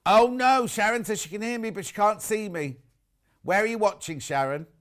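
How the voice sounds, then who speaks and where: A British man hosting a live shopping show, his voice sitting a little high for a man. He chats loosely with the crew and viewers, reading out their messages. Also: moderate pace, fairly bright tone. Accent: British English. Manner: chatty, reads out viewer messages. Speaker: shopping channel presenter. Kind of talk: live TV sales chat.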